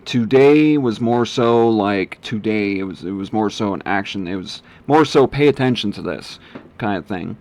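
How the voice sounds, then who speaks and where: A man's voice: fairly low pitch, lively intonation, moderate pace, a little mellow. A man casually walking through his email steps on screen, rambling with many ums and self-corrections. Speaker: online marketing vlogger. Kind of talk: casual screen-share walkthrough.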